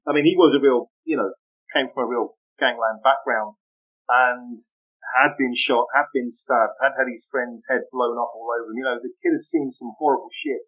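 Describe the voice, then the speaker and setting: Animated storytelling man, muffled audio. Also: medium pitch. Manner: animated, laughing, full of anecdotes. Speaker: podcast guest. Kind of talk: casual storytelling interview.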